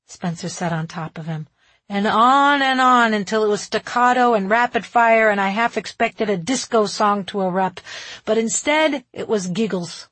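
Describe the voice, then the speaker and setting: A woman reading a first-person novel aloud in a wry, expressive way. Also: mid-range voice, measured pace, husky, dry recording. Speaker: audiobook narrator.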